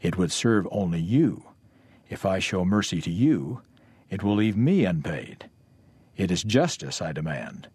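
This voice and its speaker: A man's voice: deep voice, very animated, unhurried, a little mellow, breathy edge, no room sound, exaggerated voice. A man voicing a stern male creditor who insists on justice, read out firmly and plainly.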